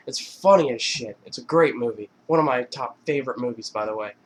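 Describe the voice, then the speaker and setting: A man's voice: mid-range voice, fast, hardly any pauses, slight background noise. A man vlogger casually retelling funny film scenes, rambling with many fillers and laughing between lines. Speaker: YouTube vlogger.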